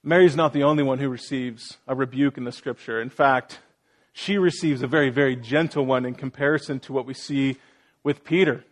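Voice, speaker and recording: A man's voice: medium pitch, brisk. A man preaching a sermon as pastor, earnest, reading scripture aloud and putting direct questions to his listeners. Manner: earnest preaching, acting out quoted voices and asking the congregation questions.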